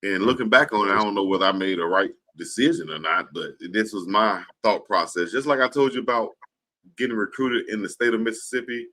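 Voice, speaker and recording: Man, from Alabama, guest coach, casual interview, reflective, bright forceful tone. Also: lowish voice, a little fast. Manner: reflective, rambling storyteller. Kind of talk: casual talk-show interview.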